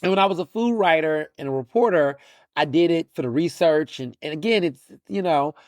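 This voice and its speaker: Brisk and fairly high-pitched, a man from Texas hosts a podcast, captured in a dry, clean studio recording. He's opinionated and sardonic, animated with mocking asides, and he often restarts and repeats his words.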